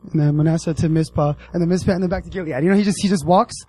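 A man preaching a casual sermon with a slightly high, husky voice. He jokes, teases and calls out to the crowd in an animated way. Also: rapid-fire, low-quality recording. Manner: animated, joking, addresses the audience directly.

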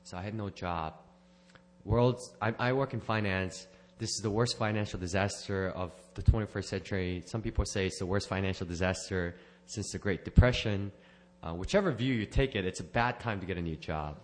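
A church member with a fairly low voice gives his personal testimony to a church gathering, speaking briskly over slight background noise. Unscripted and earnest, he rambles, restarts sentences, corrects himself, and slips in small laughs.

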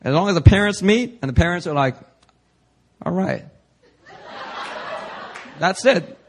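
A young adult man preaching, telling a personal story with lively energy and acting out the people he quotes. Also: high-pitched, unhurried. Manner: animated storyteller, acts out quoted voices. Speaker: pastor.

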